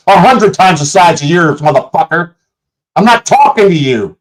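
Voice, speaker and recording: A man's voice: sits high, animated, normal speed, low-quality recording. A man on a livestream, delivering an angry, profanity-laden rant aimed at commenters and critics. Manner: profane, combative, shouting at chat. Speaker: streamer. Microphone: streaming setup mic.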